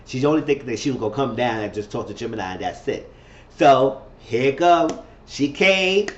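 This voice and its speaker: A man casually recapping a reality TV episode in a slangy, animated way. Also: medium pitch, moderate pace, roomy sound, lo-fi sound. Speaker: TV show reviewer.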